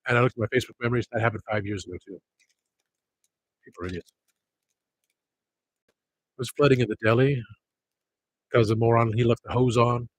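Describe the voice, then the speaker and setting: A man's voice: mid-range voice, fairly even intonation, brisk, long pauses, rough recording. A man chatting casually on a livestream, rambling from one thing to the next and grumbling about people.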